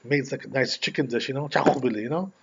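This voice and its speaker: A man's voice: mid-range voice, very fast, gravelly, breathy edge. A male rabbi giving a conversational lesson on religious law and telling stories, often checking in with "right?". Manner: conversational, frequent "right?" tag questions. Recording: dull lo-fi recording.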